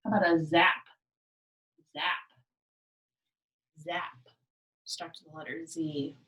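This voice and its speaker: A woman leading a library program for small children, talking in a slow, sing-song way and often dropping to soft whispers. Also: deep voice, fairly even intonation. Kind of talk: teaching preschoolers. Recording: voice a bit distant from the mic.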